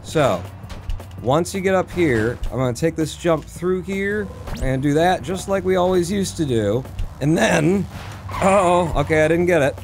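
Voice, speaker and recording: A man giving live commentary while he plays through a speedrun, excitable and talking quickly, with sudden jumps in pitch. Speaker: speedrunner streamer.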